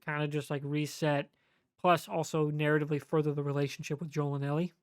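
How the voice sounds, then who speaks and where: A podcast co-host giving a measured, analytical take in casual chat, with many fillers. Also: medium pitch, level tone, clear, resonant tone, dry recording, studio quality.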